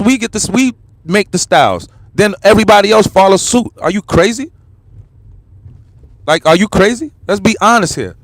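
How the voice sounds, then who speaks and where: Combative New York man, high voice. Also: no room sound. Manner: blunt, combative, repetitive street talk. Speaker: livestream host. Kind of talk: heated livestream rant.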